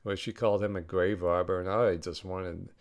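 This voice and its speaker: A man talks through a film review in a loose, swearing, chatty way, laughing as he goes. His voice sits low with a gravelly edge, yet it stays smooth and resonant. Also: normal speed. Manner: profane, laughing, animated retelling. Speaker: podcast host reviewing a film. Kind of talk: casual rambling chat.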